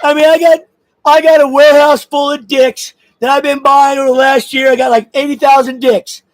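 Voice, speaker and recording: A man with a strikingly high voice delivers a profane political rant, swinging between angry shouts and laughs. His voice sounds close and dry, with no room around it. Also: level tone, fairly quick, dry recording, poor audio. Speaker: vlogger.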